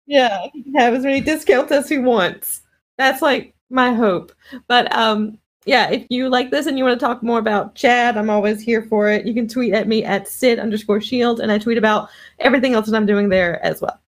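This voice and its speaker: A woman's voice: a little high, normal speed. Rambling giggly woman gamer. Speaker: tabletop player. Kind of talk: casual chat. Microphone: video call.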